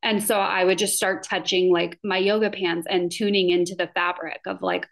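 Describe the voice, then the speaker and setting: A woman's voice: lowish voice, flat delivery, moderate pace, vocal fry, hardly any pauses. A woman in her thirties telling a personal story in a casual vlog, chatty and full of fillers. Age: 30s. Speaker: vlogger.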